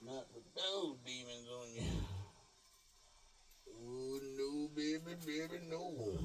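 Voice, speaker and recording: A man giving a preachy monologue to his followers, animated and full of slang, swinging from shouts to low mutters. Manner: streetwise slang with cursing. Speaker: online speaker addressing followers.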